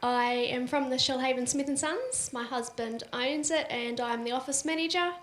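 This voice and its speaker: A woman's voice: sits high, normal speed. Hesitant, nervous woman in an echoey room. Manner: hesitant, with fillers. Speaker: workshop participant. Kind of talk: self-introduction. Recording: echoey room with faint noise.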